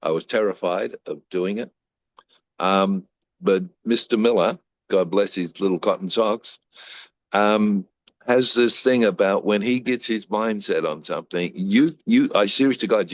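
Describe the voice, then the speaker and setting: An older Australian man with a very deep, low voice tells lively stories from his life as an interview guest, slipping into the voices of the people he quotes. The audio is dry and a little dull, with no room echo.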